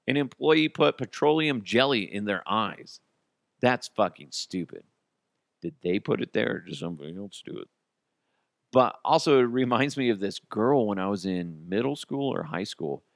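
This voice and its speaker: Animated, swearing male podcast host. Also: lowish voice, moderate pace, creaky, no room sound, studio quality. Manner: profane, animated riffing on listener stories. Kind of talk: casual comedy chat.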